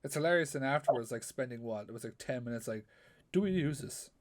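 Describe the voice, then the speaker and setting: A man, co-hosting a podcast in casual chat, animated and swearing freely as he talks. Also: mid-range voice, quick pace. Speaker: podcast co-host.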